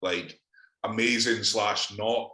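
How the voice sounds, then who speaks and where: Low-voiced Scottish man, sweary and laughing. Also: fairly even intonation, slow pace, pushed and bright, roomy sound. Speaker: podcast co-host. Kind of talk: casual chat.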